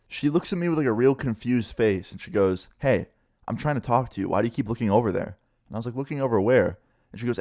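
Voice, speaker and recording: A young man telling a personal story to camera in a casual storytime vlog, animated and swearing casually. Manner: animated, quick shifts in pitch, swears casually.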